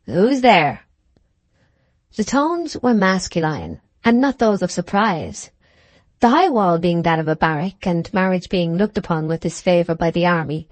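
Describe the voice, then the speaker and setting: Reading a classic novel aloud, a female audiobook narrator tells the story in a measured, even manner. Her voice is lowish, and the recording has no echo.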